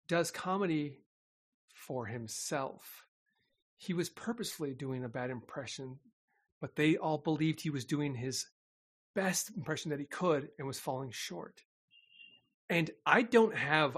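A man telling a story in casual chat, animated and laughing often. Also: fairly high pitch, breathy edge.

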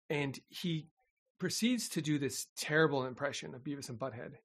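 A man telling a story in casual chat, animated and laughing often. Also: fairly high pitch, moderate pace, husky.

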